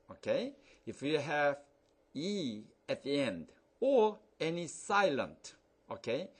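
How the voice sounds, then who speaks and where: A male teacher drills phonics words one by one, very slow and deliberate. His pitch jumps up and down a lot as he coaxes the learners along. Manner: slow, repeats words, drawn-out examples. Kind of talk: English phonics lesson.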